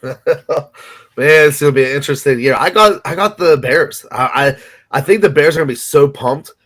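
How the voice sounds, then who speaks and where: A man's voice: a little high, fairly quick, fairly bright tone, husky. Rambling male sports podcast co-host. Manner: rambling, hedging, lots of ums and restarts. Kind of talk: casual sports betting chat.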